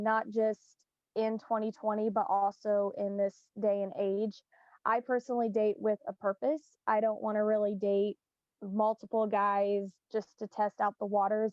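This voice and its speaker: A young woman from Indiana, a panel guest, speaking in a sincere, measured way. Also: medium pitch, no echo, dull audio. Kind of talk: casual panel chat.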